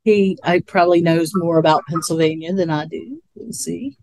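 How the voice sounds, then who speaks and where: A woman's voice: fairly low pitch, moderate pace, a little mellow, no room sound. A woman co-hosting a podcast in casual chat, rambling and laughing a lot. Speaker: podcast co-host.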